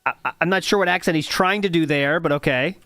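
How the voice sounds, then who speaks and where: A man's voice: fairly high pitch, quick pace, sharp tone, no room sound. A man hosting a podcast, rambling with many fillers as he comments casually on old video footage. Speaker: podcast host.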